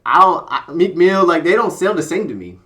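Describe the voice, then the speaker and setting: A man interviewing a guest in casual chat, laid-back and asking quick questions. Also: sits high, lively intonation, a bit bright.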